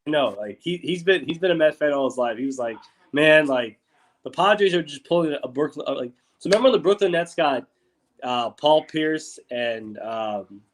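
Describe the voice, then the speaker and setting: A man's voice: on the high side, animated, moderate pace, poor audio. A young man co-hosting a casual sports chat, rambling and loose, with many fillers and swearing. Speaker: co-host.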